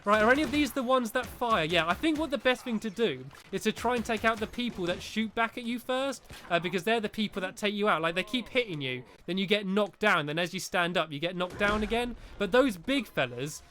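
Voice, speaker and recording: Guy with a really high voice doing game commentary, chatty and hyped, cheers himself on. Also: brisk, hardly any pauses. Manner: chatty and excitable, talks straight to viewers, cheers himself on. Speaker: gaming YouTuber. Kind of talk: let's-play game commentary. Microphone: desk microphone while gaming.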